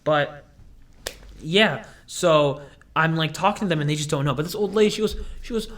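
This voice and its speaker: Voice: medium pitch, moderate pace, a bit bright. Young adult rambling through a story. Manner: rambling and digressive, full of "like". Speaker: hardware store employee. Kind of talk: casual storytelling vlog.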